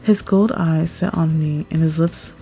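A woman reading a first-person story aloud, expressive and rising at tense moments. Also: sits low, unhurried. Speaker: story narrator. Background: faint background music.

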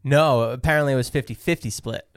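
A man's voice: medium pitch, fast talker, dry recording, clean studio sound. A young man co-hosting a casual podcast, playful and teasing, laughing often, reading sponsor ads. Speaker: podcast co-host.

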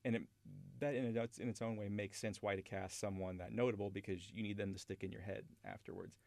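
A man with a lowish voice hosts a casual film chat, rambling and enthusiastic and often restarting his sentences. The sound is dry and close, with no room around it. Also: fairly even intonation, a little fast, gravelly, darkish tone, no room sound. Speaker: podcast host.

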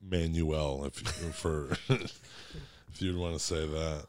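A man's voice: a bass voice, fairly even intonation, takes it slowly, no echo. A man in a casual chat who rambles, swears a lot and laughs often.

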